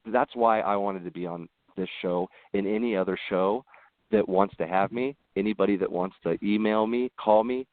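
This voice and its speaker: A man who is a podcast guest, talking earnestly in casual conversation and telling animated stories with frequent restarts. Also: on the low side, normal speed, no echo. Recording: tinny phone-like line.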